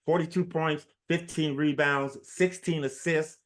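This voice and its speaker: This man in his sixties, a former basketball player, is a guest in an interview, animatedly telling stories and performing the quotes of the people in them. His voice runs on the high side and a little slow.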